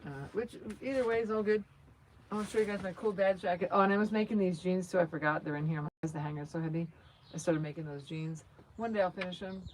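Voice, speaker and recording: A woman with a lowish voice hosts a casual live vlog, rambling and joking at her own expense. She speaks into a phone outdoors by her truck, with steady fan and vehicle noise clearly heard behind her. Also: fast, low-quality recording. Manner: rambling, chatty and self-joking. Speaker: channel host. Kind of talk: casual livestream chat. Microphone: phone camera.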